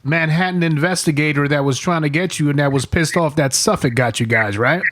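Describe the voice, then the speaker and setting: A man's voice: fairly high pitch, brisk, a bit bright. Podcast host man, brief backchannel replies. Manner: short affirmations, recaps the guest's story. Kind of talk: casual interview chat.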